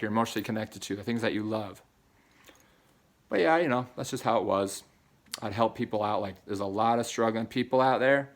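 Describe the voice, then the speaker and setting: Rambling, emotional man venting. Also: lowish voice. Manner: emotional, repetitive, slangy. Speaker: vlogger. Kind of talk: rambling personal monologue.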